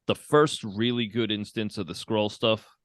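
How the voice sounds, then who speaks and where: Low-voiced man in casual movie chat. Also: a little slow, no room sound, clean studio sound. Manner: relaxed, laughs often, acts out reactions in quotes. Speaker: podcast co-host.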